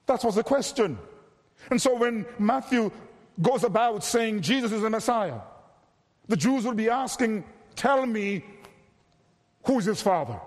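A man preaching an expository sermon, earnest and measured, stretching key phrases for emphasis. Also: high voice, long reverb tail.

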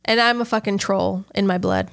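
A woman's voice: mid-range voice, wildly swooping pitch, normal speed, vocal fry, a bit bright. Giggly, crude podcast co-host woman. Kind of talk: casual comedic chat.

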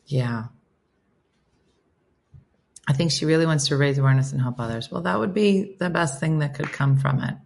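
Low-voiced woman chatting on a livestream, reading comments and laughing a lot. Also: moderate pace, vocal fry, long pauses, a little mellow, a little hiss or hum. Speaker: livestream host reading chat. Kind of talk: casual chat.

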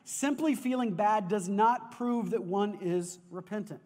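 High-voiced preacher in a reverberant hall. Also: male voice, a little slow. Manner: animated storytelling preacher, repeats words. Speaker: pastor. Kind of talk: sermon. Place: church sanctuary. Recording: long reverb of a large hall.

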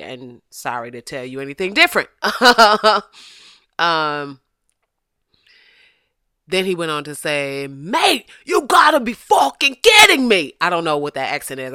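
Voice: mid-range voice, clean tone, no echo, studio quality. A podcast host in casual, comedic chat, laughing often and slipping into voices when quoting people. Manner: animated, laughs often, slips into quoted voices.

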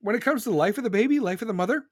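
A man's voice: high voice, lively intonation, racing, dry recording, clean studio sound. A man hosting a podcast, ranting in a heated, profane and emphatic way and often repeating himself. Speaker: podcast host. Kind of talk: heated political rant.

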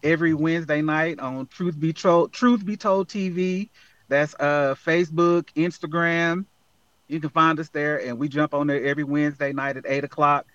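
A man's voice: on the high side, fairly even intonation, moderate pace, fairly bright tone, no room sound, muffled recording. A man speaking as a guest in a casual interview, earnest and motivational, talking from the heart. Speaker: guest, app founder.

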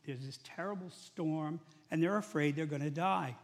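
A male pastor preaching a sermon in a church, talking conversationally and building to loud, emphatic peaks. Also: fairly high pitch, normal speed. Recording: long hall reverb.

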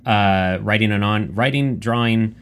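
A man's voice: lowish voice, measured pace, fairly bright tone. A man hosting a casual podcast chat, rambling with stumbling restarts and the odd swear. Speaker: podcast host.

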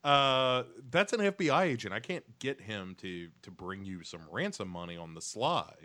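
A man lightly acting a flustered, exasperated middle-aged businessman father in quick protests. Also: on the low side, sing-song, sharp tone.

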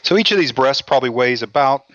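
A man's voice: mid-range voice, expressive, fast talker, fairly bright tone, dry recording. A man hosting a cooking show, joking in a folksy way and talking through each step. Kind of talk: casual cooking show chat. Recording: dull lo-fi dry sound.

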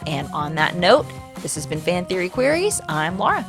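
A woman's voice: lowish voice, sing-song, over music. A young woman hosting a podcast, upbeat and friendly as she wraps up the show. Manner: upbeat, friendly, brisk sign-off. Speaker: podcast host. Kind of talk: casual chat and show outro.

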